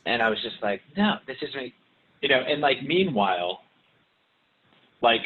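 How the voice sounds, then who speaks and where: A man's voice: medium pitch, sing-song, a little slow. A man talking as a podcast guest in loose, rambling casual chat, with many restarts. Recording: tinny remote line with hiss.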